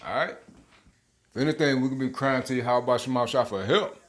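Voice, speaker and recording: A man's voice: mid-range voice, brisk. A man teaching scripture informally in his own videos, emphatic and slangy, often repeating words and chuckling. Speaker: bible teacher making videos.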